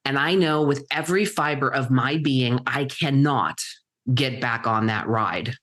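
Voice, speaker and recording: A middle-aged woman, a guest entrepreneur, telling her story in vivid present tense with dramatic pauses. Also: a bass voice, a bit bright. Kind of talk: storytelling interview answer.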